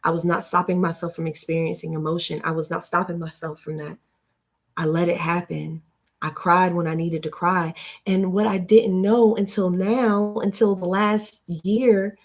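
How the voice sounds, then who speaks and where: A woman's voice: fairly low pitch, steady tone, normal speed. Earnest, emphatic woman in her late twenties. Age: late 20s. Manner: emphatic and repetitive, preaching-like, turning soft and emotional. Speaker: livestream host. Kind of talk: heartfelt motivational talk on a live stream.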